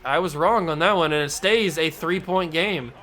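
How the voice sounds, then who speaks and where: A man's voice: on the high side, normal speed, bright, forceful tone. Frustrated young man commentating a game. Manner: self-deprecating, frustrated rambling. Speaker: gaming channel host. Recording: faint music behind.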